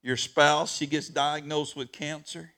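Gravelly high-voiced man preaching with feeling. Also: flat delivery, a little slow. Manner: emotional preaching, swinging from quiet to shouting. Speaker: pastor. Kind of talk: sermon.

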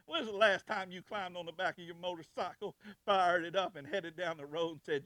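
Preacher, loud to hushed. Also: male voice, on the high side, quick pace, few pauses, no room sound. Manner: swings from shouted preaching to soft storytelling. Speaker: pastor. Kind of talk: sermon. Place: church.

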